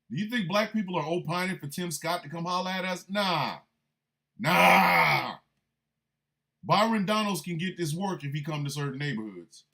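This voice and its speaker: Guy hosting a comedy politics show, mocking and emphatic, pitch jumps all over. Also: a bit bright. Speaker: host.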